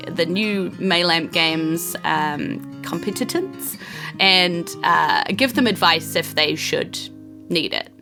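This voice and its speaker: A woman's voice: lowish voice, vocal fry. A woman with a New Zealand accent, narrating a tabletop game casually as game master, with many fillers.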